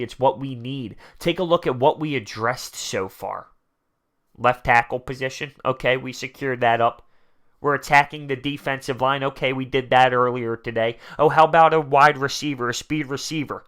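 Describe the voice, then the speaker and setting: A man giving excited, emphatic fan commentary on his own sports channel, often repeating lines for effect. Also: medium pitch. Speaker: sports vlogger.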